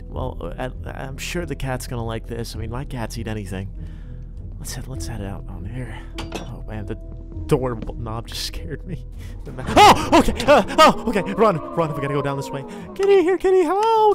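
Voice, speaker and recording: A man narrating his own game roleplay in an excitable way, often yelping and panicking as things chase him. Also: mid-range voice. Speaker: gamer doing a roleplay. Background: game music.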